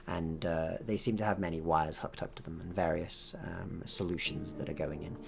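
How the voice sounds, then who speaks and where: A man narrating a tabletop horror game as game master, relaxed and hesitant with many fillers. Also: low voice, moderate pace, creaky.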